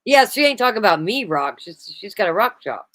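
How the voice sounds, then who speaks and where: A woman's voice: mid-range voice, big pitch swings, brisk, fairly bright tone, no room sound. An American woman hosting a live stream, chatting playfully with her guest and reading chat messages aloud. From United States. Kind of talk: casual chat.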